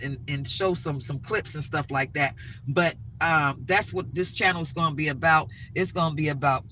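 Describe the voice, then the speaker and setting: A woman's voice: fairly low pitch, bright, forceful tone, a little hiss or hum, poor audio. Middle-aged woman vlogger, piercing edgy tone, heated blunt rant recorded on a phone in a car. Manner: emphatic, repetitive, blunt and heated. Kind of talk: ranting to-camera vlog.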